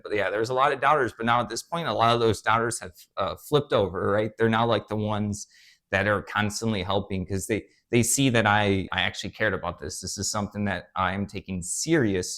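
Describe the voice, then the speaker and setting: Young male vlogger, low-pitched, earnest, meandering casual talk. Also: fairly bright tone. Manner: rambling, earnest, many fillers and restarts. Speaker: eBay reseller, channel host. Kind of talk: casual talk to camera while drawing on a board.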